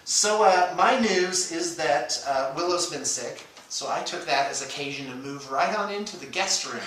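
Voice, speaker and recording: A man co-hosting a casual morning chat, full of dry self-mocking jokes and stop-start pauses. His voice is bright and lively in tone. He sits back from the microphone in a strongly echoing room. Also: on the high side. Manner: dry, self-mocking humor with frequent hesitations. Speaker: radio show co-host. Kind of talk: casual banter. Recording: echoey room, distant from the mic.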